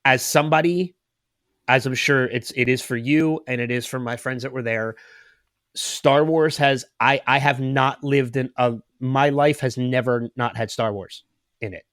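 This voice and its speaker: A man's voice: medium pitch, steady tone, a little slow, a bit bright, no room sound, clean studio sound. A man in his late thirties, a podcast host telling a long story in casual chat, rambling and getting emotional. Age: 30s.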